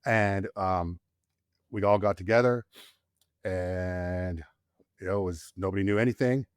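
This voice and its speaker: A man's voice: deep voice, a little slow, clean tone, no room sound, studio quality. A man in his forties, a Marine combat veteran, tells war stories candidly as a podcast guest, his voice climbing when he relives tense moments. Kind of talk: candid storytelling in casual conversation.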